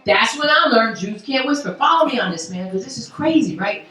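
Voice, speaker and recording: A woman stand-up comedian telling stories in a brash, loud, animated way on a comedy club stage. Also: a little high, fairly quick. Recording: roomy club sound from far off.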